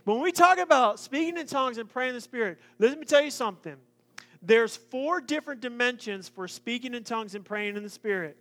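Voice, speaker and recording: A man preaching a sermon, joking and lively in his asides. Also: very high voice, brisk. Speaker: pastor.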